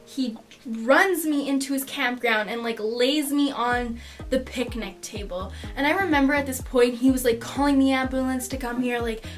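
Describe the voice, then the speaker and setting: A young woman telling a personal story in a casual vlog, animated, swearing freely and laughing mid-sentence. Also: high-pitched. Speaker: vlogger.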